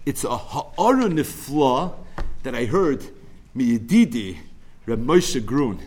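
A man teaching a Talmud lecture, telling its story in an animated way. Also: mid-range voice, slow pace, breathy edge.

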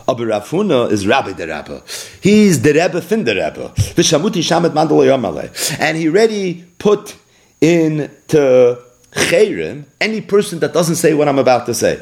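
Man teaching Talmud with a lively voice. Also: medium pitch. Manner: reads Aramaic then explains in English; acts out the rabbis' exchanges expressively. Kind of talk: daily Talmud lesson.

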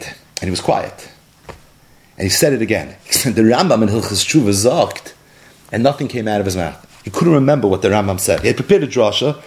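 A man giving a storytelling sermon, a dramatic teller who drops low and slow for emphasis and mixes Hebrew and Yiddish terms into his English. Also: slight background noise.

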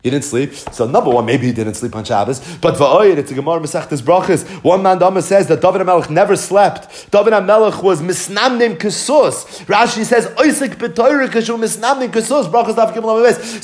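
A man teaching a Talmud lesson in an animated, sing-song study cadence, weaving in Hebrew and Yiddish terms. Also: sits high, fairly quick, hardly any pauses. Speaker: Torah teacher. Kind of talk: Talmud lecture.

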